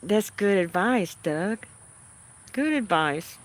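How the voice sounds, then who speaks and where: A woman with a mid-range, expressive voice hosts a livestream, with a little hiss or hum in the audio. She chats casually and unhurriedly with viewers, answering their comments in a homey way with frequent soft laughs.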